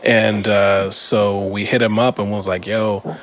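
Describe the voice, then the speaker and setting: A middle-aged man with a fairly low voice tells a story in a relaxed, easy way, with lots of "you know" and quick laughs along the way. There is a faint hum of noise behind him. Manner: laid-back storyteller, full of fillers, laughing between lines. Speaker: podcast co-host. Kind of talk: casual chat.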